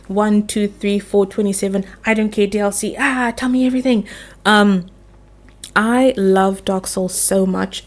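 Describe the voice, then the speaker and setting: A woman's voice: mid-range voice, a little mellow. A young woman casually chatting about game lore while doing her makeup, playful and swearing now and then. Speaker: gaming lore vlogger.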